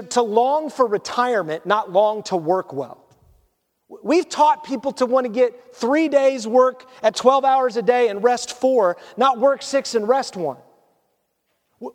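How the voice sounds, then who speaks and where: A male pastor delivers a sermon in a loose, conversational storytelling way, sinking to a hush when the story turns heavy. His voice sits high for a man. The sound rings with the long reverb of a church hall. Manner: conversational and storytelling, drops to hushed tones for emotional moments.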